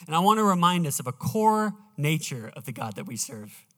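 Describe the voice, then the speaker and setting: A male pastor preaching a sermon, emphatic and slowing down as he reads scripture aloud in a church auditorium. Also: a little high, sing-song, a bit bright. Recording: reverberant hall, live church sound.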